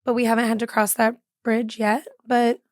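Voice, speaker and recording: A woman's voice: a little high, little pitch movement, moderate pace, no room sound, clean studio sound. A woman in her thirties, a podcast guest talking earnestly and agreeably about family life. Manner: earnest, agreeable, frequent "yeah". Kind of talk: casual interview chat.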